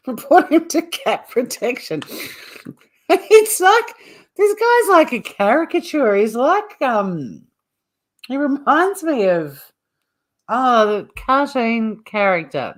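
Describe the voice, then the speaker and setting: An Australian woman hosting a livestream, giving chatty, blunt commentary with laughing asides. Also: medium pitch. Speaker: livestream host. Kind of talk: casual live commentary.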